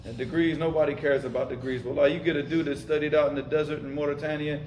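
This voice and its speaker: A man's voice: on the high side, level tone, fast, darkish tone, echoey room, a little hiss or hum, poor audio. A man teaching an informal lesson, speaking casually and emphatically, repeating himself and mixing in Arabic terms. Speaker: Arabic and Islamic studies teacher. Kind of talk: informal lesson with live questions.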